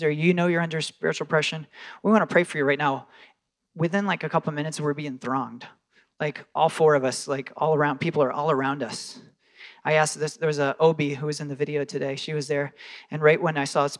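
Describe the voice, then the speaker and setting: A man preaching a sermon, telling stories with lively quoted voices and casual fillers. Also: on the high side. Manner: animated storytelling with quoted voices. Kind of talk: sermon storytelling.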